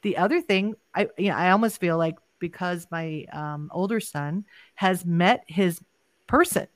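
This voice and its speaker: A woman's voice: lowish voice, measured pace, no echo. A middle-aged woman hosting a podcast, chatting casually and rambling with many restarts. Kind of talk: casual chat.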